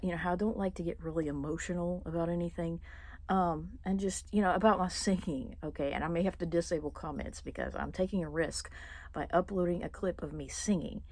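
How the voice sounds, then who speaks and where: A young woman vlogging casually, rambling with many fillers and restarts and clearing her throat now and then. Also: on the low side, a little mellow, no echo. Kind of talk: casual personal monologue.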